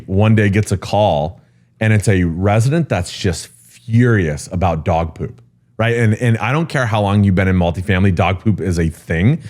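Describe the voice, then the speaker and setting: A man being interviewed, telling workplace stories in a candid, animated way and often filling pauses with "um" and "you know". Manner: animated storyteller who jumps high when quoting people; frequent fillers like um and you know. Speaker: guest, real estate executive.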